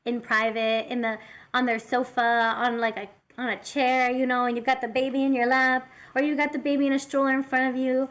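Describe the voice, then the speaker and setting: Woman streamer, high voice, giggly, animated, reading posts aloud. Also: brisk. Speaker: VTuber streamer.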